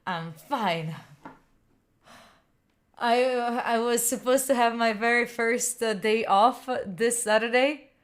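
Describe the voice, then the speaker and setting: A woman's voice: a little high, takes it slowly. A woman in her twenties, a study streamer from Italy, chatting tiredly and rambling as she answers her live chat. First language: Italian. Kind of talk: casual livestream chat.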